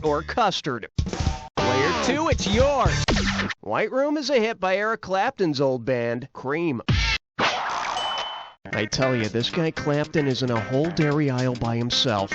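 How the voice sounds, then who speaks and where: A snarky quiz show host. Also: male voice, fairly high pitch. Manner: snarky, rapid-fire jokes, taunting players. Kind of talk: video game voice acting. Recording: dull lo-fi game audio over loud music.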